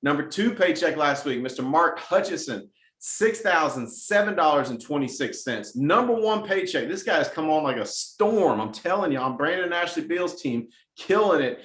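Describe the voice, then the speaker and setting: A middle-aged man leading a weekly motivational sales meeting, energetic and repeating phrases for emphasis. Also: on the high side, echoey room. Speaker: sales team leader hosting a weekly message. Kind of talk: motivational team address.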